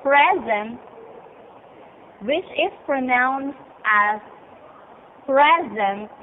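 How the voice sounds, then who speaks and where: Slow-reading woman on a tinny line. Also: fairly high pitch, lively intonation. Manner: careful, halting reading. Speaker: student presenter. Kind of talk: slow read-aloud lesson. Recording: tinny phone-like sound, faint noise.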